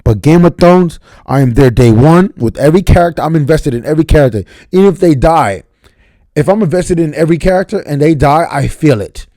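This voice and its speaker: A man's voice: a little high, lively intonation, brisk, dark tone, dry recording. A young man, reviewing a TV episode at home late at night in a profane, emphatic casual rant. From New York area. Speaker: TV review vlogger.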